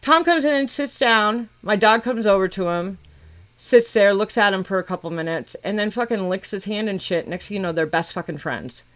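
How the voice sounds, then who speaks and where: A woman's voice: mid-range voice, moderate pace. A middle-aged woman hosting a casual chat. She talks bluntly, swears constantly and teases the people she is talking with. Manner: profane, blunt and teasing. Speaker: podcast host.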